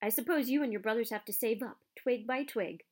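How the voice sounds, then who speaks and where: A woman's voice: on the high side, fairly quick, close to an everyday voice. A spiteful, sneering schoolboy with a snappish tone, as a woman reader puts him on. A storybook bully full of scorn.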